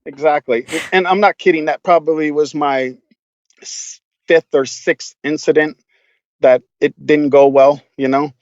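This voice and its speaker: A man's voice: fairly high pitch, fairly even intonation, unhurried, no echo, highs cut off. A man, a podcast guest, telling stories casually in a rambling, profane way, full of fillers. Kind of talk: casual storytelling.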